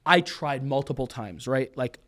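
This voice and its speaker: A man in his twenties, a mentalist guest, telling stories in a casual, animated podcast interview that drifts off on tangents. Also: mid-range voice, a little slow.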